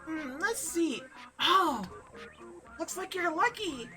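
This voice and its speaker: A woman's voice: very high-pitched, animated, slow pace, bright, forceful tone, faint music behind, heavily acted. A woman voicing a cruel, cheerful young woman who runs a show trial, reading game dialogue aloud in a mocking, theatrical way. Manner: mocking, theatrical, coolly sadistic.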